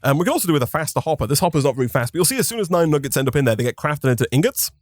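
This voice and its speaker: A man's voice: fairly high pitch, sing-song, rapid-fire, no echo. A man co-hosting a gaming stream, explaining mechanics in casual chat with a dry, teasing wit. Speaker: co-host of a gaming channel.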